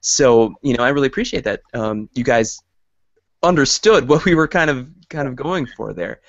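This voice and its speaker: Male podcast host, mid pitch, rambling casual chat, dry lo-fi audio. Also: expressive, normal speed, no echo. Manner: chatty, laughs easily, filler-heavy.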